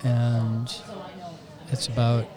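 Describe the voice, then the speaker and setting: A man co-hosting a podcast, talking in a halting way and often restarting his sentences. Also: medium pitch, monotone, crowd noise. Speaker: podcast co-host. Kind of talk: casual chat.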